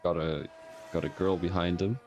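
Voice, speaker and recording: Low-voiced Belgian man, rambling and joking. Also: steady tone, moderate pace, darkish tone. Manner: rambling, joking, self-mocking. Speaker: sim racing league streamer. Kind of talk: live-stream race commentary.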